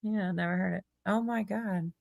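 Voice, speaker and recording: A woman's voice: medium pitch, fairly even intonation, moderate pace, vocal fry, crowd noise. A woman from Louisville with a Kentucky accent, chatting playfully and laughing often. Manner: giggly, playful. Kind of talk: casual chat.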